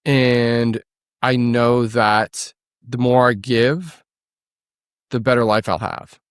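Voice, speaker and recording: Dude guesting on a podcast, mid pitch, straight to the point, dry sound. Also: male voice, fairly even intonation, slow, clean tone, no room sound. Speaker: podcast guest, agency founder. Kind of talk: casual interview chat.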